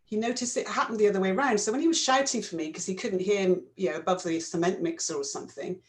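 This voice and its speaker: A woman's voice: medium pitch, fast talker. A woman co-hosting, talking in a thoughtful, explanatory way during a casual chat. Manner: thoughtful, explaining, gentle fillers. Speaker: co-host.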